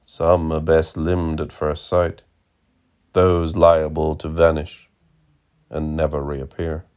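A man narrating a literary audiobook in a measured, deadpan way. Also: very deep voice, clean tone. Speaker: audiobook reader.

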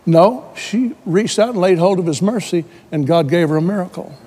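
High-voiced preacher man in an echoing hall. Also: expressive, moderate pace, husky. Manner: storytelling preacher who rises to shouting when quoting. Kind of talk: sermon.

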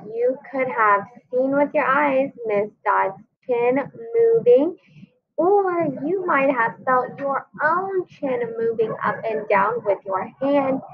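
Woman kindergarten-style teacher, lively up-and-down delivery, gravelly edge, lo-fi tinny recording. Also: sits high. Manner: slow, clear, sing-song teacher voice. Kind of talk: children's phonics lesson. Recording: tinny phone-like audio.

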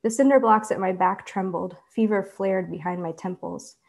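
A woman author reading her own fiction aloud in a measured, deliberate way. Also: medium pitch, steady tone, vocal fry, darkish tone. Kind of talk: literary reading.

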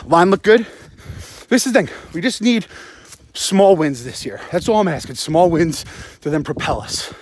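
His voice fairly high, a little mellow, and husky, a young sports podcast host delivers an animated postgame rant at normal speed. He's out of breath from jogging outdoors on a cold night and swears heavily into his phone, rambling and sarcastic about a football game.

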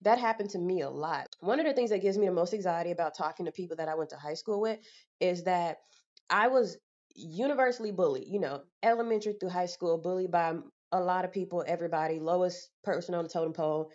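A woman's voice: on the low side, fast talker, a little mellow. A young woman vlogging, venting bluntly and with exasperation, full of casual slang. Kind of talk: candid vlog monologue. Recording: slightly dull lo-fi audio.

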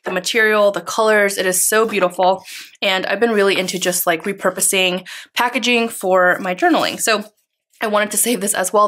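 A woman's voice: medium pitch, fairly bright tone. A woman vlogger talking casually through a haul, chatty and gushing with lots of fillers. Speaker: planner vlogger.

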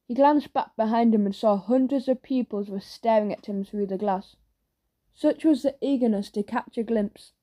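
A woman narrates a children's audiobook in a lively storytelling manner. Her voice is mellow and warm, and sits a little high.

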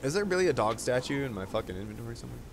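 A man's voice: mid-range voice, sing-song, very fast, gravelly, noisy background. A man hosting a casual let's play, commenting loosely and swearing freely as he plays. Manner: loose, profane, chatty.

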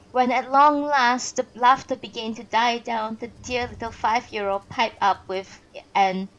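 Woman reading a novel aloud, expressive. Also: fairly high pitch, highs cut off. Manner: expressive reading with pauses and self-corrections. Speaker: narrator and streamer. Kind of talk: live-streamed audiobook reading.

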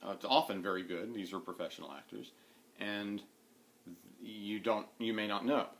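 A man with a slightly low voice talks to camera from his home, wandering from point to point and filling gaps with "uh" and "um". He sounds relaxed and chatty, as in a casual needlework vlog. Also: normal speed. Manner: rambling, many fillers and restarts. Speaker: needlework vlogger. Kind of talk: casual rambling chat to camera. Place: at home, sitting indoors.

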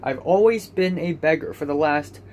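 A man's voice: on the high side, normal speed, a little mellow, slight background noise. A young man talking in an anxious, self-deprecating ramble with many repetitions in a personal video diary. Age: young adult. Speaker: vlogger.

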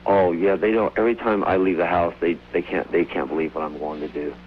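A man calling in to a radio show, telling rambling, excited stories over the phone. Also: deep voice, brisk, a little hiss or hum. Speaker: caller. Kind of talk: casual phone-in storytelling. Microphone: telephone. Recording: tinny phone line.

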